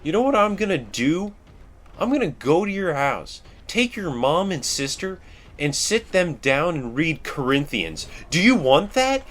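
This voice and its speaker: A man's voice: on the high side, sing-song, unhurried, a bit bright, voice pushed up, exaggerated voice. A man voicing a fanatical male preacher who rants shrilly and mockingly at heretics during game commentary. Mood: ranting.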